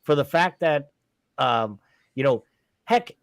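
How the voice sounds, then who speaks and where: A man's voice: mid-range voice, sing-song, takes it slowly, no echo. A man co-hosting a casual podcast, blunt and sarcastic. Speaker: podcast co-host.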